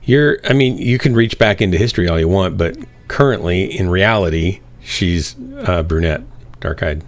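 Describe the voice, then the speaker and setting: Man, low voice, game streamer, teasing banter, faint music behind. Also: normal speed. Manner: teasing, joking banter with teammates. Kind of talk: casual gaming stream chat.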